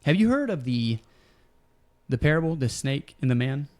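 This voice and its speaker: A man's voice: mid-range voice, big pitch swings, moderate pace, darkish tone. Man, podcast host, casual, storytelling, loose fillers. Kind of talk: casual wrestling podcast chat.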